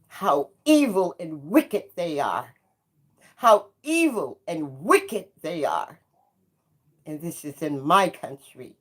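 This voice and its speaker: Slow, impassioned woman in her seventies. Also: mid-range voice. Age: 70s. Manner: emphatic, repeats phrases, preacher-like. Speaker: host. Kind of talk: impassioned livestream monologue.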